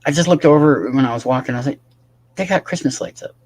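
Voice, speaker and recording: Tired guy livestreaming, husky voice, rambles to chat and cusses a lot. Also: mid-range voice, fast talker, a little mellow. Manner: rambling, swears often, talks to chat by name. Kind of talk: casual livestream chat with viewers.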